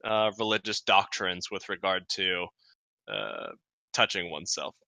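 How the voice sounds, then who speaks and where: Male game master, rambling narration, very bright tone, dry close sound. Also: low-pitched, a little slow, gravelly, no room sound. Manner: loose and rambling, many ums and uhs.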